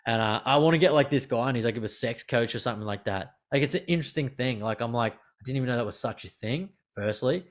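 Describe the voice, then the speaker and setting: A man hosts a casual podcast over a remote call, talking in loose, rambling runs. He leans on "like" and swears without a second thought. His pitch sits in an ordinary middle range. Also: fast talker, few pauses. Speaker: podcast host.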